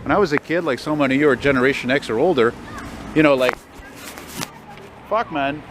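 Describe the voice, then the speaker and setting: A man, walking a city street at night and chatting into his camera in a rambling, profane, easily excited way. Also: mid-range voice, fairly quick. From Quebec, Canada. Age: 40s. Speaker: vlogger. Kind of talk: casual walking vlog. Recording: street traffic noise outdoors.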